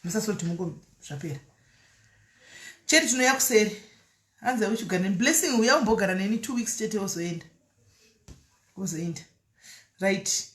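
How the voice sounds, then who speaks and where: A woman chats on a live stream, answering viewer comments and switching easily between Shona and English. Her voice sits at an ordinary middle pitch. The sound carries a noticeable echo, as if she is in a bare room. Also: lively intonation, normal speed, pauses often, fairly bright tone. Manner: chatty, mixes Shona with English, laughs often. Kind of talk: casual live-stream chat, reading comments.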